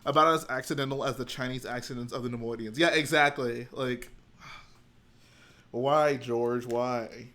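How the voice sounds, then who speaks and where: The livestream host, a man at home, thinks aloud and chats casually while building. His medium-pitched voice is steady and sharp in tone, and he takes his time.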